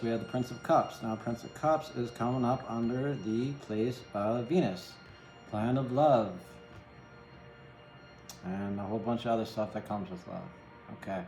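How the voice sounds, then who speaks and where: A man's voice: mid-range voice, measured pace, long pauses, a little mellow, reverberant, faint music behind, poor audio. Chatty man giving a tarot reading. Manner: chatty, empathetic, rambling with many "right?" tags. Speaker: tarot reader.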